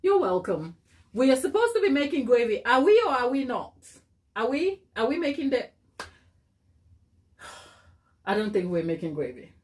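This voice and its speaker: A woman's voice: a little high, very animated, normal speed, long pauses, darkish tone. A woman hosting a casual baking live stream, thinking aloud as she works, reading viewer comments and laughing often. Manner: thinks aloud while working.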